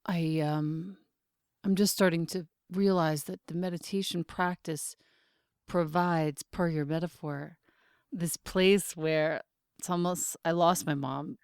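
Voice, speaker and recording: Give me a woman hosting a podcast with a low voice and a dry, close sound. She speaks candidly and reflectively. She often pauses to think aloud. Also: steady tone, smooth, no echo. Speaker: podcast host. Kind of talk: conversational interview.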